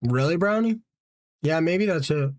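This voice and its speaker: Exasperated streamer with a lively, swooping voice. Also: medium pitch, unhurried, dry recording. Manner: exasperated, repeats disbelieving questions, talks to chat. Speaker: streamer playing a battle royale game. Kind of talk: live gameplay commentary chatting with viewers.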